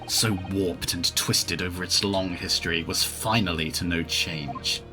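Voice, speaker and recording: A man reads a stern, proud prosecutor from a game in a very deep voice. His lines come grave and deliberate, with game music clearly behind. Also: steady tone. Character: stern British male prosecutor, proud and bitter.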